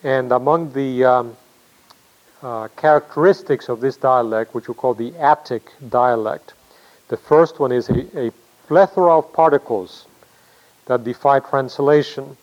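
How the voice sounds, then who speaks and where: A man lecturing in a plain mid-range voice, pausing often and filling gaps with "um" and "uh". He poses questions to the class and then answers them himself. The recording sounds dull and lo-fi. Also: medium pitch. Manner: thinking aloud with many fillers and restarts; explanatory, asks himself questions.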